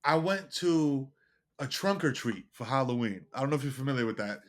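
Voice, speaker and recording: Lively New storyteller man. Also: mid-range voice, brisk. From New York. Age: middle-aged. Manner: animated, profane, acts out the people in his stories. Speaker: podcast guest. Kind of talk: casual storytelling chat.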